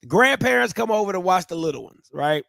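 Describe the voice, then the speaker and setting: A man's voice: high-pitched, lively intonation, brisk, creaky, fairly bright tone, no room sound. A man from Ohio telling a casual, slangy story to his viewers, repeating and restarting phrases as he goes. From Ohio, USA. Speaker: vlogger.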